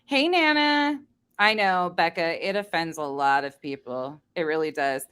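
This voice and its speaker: A woman's voice: on the low side, measured pace, a bit bright, clear, resonant tone. A woman hosting a casual livestream chat, blunt and profane, laughing often as she talks to her chat. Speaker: livestream host.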